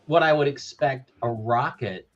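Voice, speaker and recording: A man's voice: medium pitch, unhurried, highs cut off, crowd noise. A man co-hosting a casual podcast chat, explaining his theories in a confident, lecturing way. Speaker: podcast co-host.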